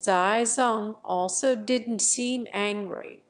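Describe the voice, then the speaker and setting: A woman reading a translated voice-over in a flat, even, measured way. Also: a little high.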